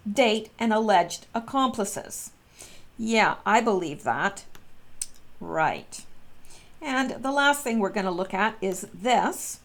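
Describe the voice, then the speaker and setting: A woman vlogger talking casually and earnestly to her viewers, with frequent fillers and restarts. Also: fairly high pitch. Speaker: vlogger commenting on politics. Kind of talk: casual spoken commentary to viewers.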